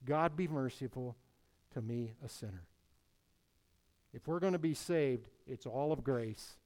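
A man preaching a sermon in an emphatic, deliberate way, repeating key phrases. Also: medium pitch, warm tone.

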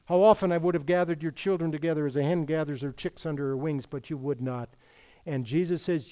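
A man's voice: a little high, brisk, mellow. A man preaching an expository sermon, quoting scripture and asking rhetorical questions. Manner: emphatic, rhetorical questions, quotes scripture in King James wording.

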